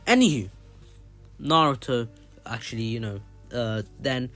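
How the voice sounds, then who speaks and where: A man's voice: mid-range voice, a little slow, fairly bright tone, soft background music. Rambling casual anime storyteller, man. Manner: rambling, filler-heavy, loose retelling. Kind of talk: casual anime plot retelling.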